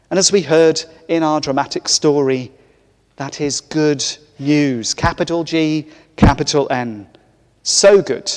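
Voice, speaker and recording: Vicar preaching in an echoey church. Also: male voice, fairly high pitch. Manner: warm, conversational preaching with light humor. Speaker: parish vicar. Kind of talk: sermon. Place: large church.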